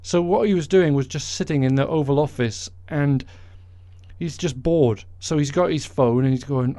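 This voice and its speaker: A man's voice: a little high, normal speed, warm tone, no echo. Guy ranting sarcastically on his podcast, dry sound. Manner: sarcastic, mocking. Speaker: podcast host. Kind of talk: comedic political monologue.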